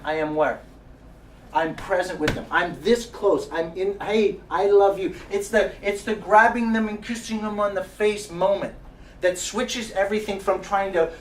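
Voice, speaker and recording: Energetic man with a fairly high voice for a motivational seminar, prods the audience for agreement, heard from a distance in a room. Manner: keeps asking the audience "right?" and "how many know"; energetic, with restarts and repetition. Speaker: seminar presenter. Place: meeting room with a live audience. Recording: distant mic with faint background noise.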